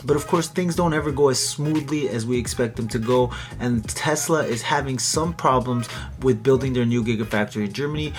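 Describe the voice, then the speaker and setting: A man from Canada giving casual commentary on a news article, talking to his viewers in a chatty way. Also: medium pitch. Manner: chatty, asks viewers to like and subscribe. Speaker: YouTube commentator.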